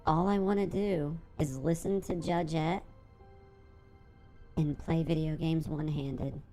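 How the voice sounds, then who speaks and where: A man's voice: fairly high pitch, steady tone, mellow, soft background music, pitched above the performer's own voice. A man using a voice changer to play a teasing, mock-seductive female streamer persona, drawing out each word. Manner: slow, drawn-out, mock-seductive delivery.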